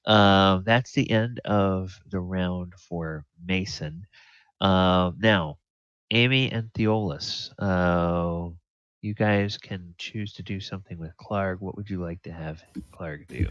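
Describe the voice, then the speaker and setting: Deep slow-talking male game master. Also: fairly bright tone, dry recording. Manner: unhurried, thinks aloud with fillers. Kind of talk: running a tabletop game. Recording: dull lo-fi audio.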